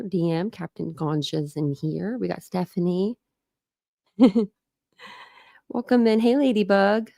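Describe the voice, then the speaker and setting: Chatty livestream host with a gravelly voice. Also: female voice, medium pitch, dark tone, dry recording, studio quality. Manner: chatty, greets viewers, laughs often. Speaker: true crime channel host. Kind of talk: casual livestream chat. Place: home.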